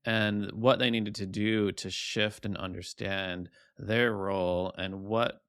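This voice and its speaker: A man hosting a podcast who asks questions gently and encourages his guest. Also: fairly low pitch, fairly even intonation, slow, smooth, no room sound. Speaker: podcast host. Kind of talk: interview questions.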